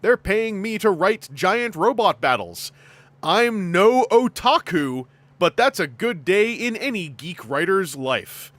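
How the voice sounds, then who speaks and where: A man's voice: high-pitched, very animated, slow pace, fairly bright tone, no echo, pitched above the performer's own voice, exaggerated voice. A man doing a snobby Hollywood writer. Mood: smug, breezy. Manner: affected posh, moneyed drawl.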